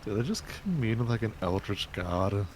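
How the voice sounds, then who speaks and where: A man's voice: on the low side, big pitch swings, normal speed, darkish tone, slight background noise. A man chatting casually with a friend on a stream, joking and swearing. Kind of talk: casual live-stream chat.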